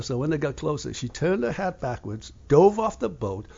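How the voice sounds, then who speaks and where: A man's voice: medium pitch, expressive, a little fast, gravelly, few pauses, mellow, dull audio. An older man from England hosting a radio show, talking in a blunt, profane, rambling way.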